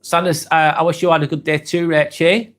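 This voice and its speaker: A man's voice: fairly high pitch, little pitch movement, brisk, fairly bright tone. A man, hosting a live stream and chatting casually through viewer comments, earnest and hesitant, with many ums and apologies. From England. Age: 40s.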